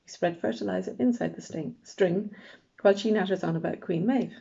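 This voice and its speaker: A woman reading a novel aloud in a wry, deadpan first-person narration, in a dull lo-fi recording. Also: medium pitch, brisk, gravelly, breathy edge. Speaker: audiobook narrator.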